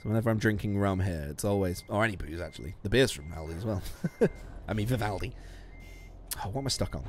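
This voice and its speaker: A man's voice: medium pitch, wildly swooping pitch, normal speed, pauses often. A man casually commenting while playing a game, chatty and self-mocking, swearing often and laughing a lot. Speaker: streamer.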